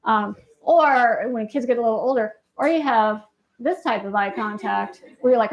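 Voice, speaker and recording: A woman's voice: a little high, moderate pace. A woman clinician giving a live lecture, talking casually and checking in with the audience with frequent questions. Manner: conversational, asks the audience questions, tags points with "right?". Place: lecture room on a university campus.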